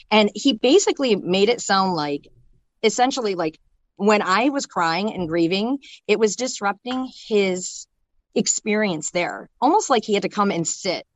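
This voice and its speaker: A young woman telling an emotional personal story in a halting way, full of fillers and restarts. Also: mid-range voice, animated, no echo. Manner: halting, filler-heavy talk with many restarts. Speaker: storyteller sharing a personal loss.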